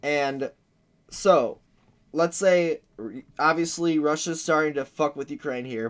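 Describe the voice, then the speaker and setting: Bright crude-talking male streamer. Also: a little high, measured pace. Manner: crude, joking, acts out war noises. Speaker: livestream host. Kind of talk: casual livestream commentary.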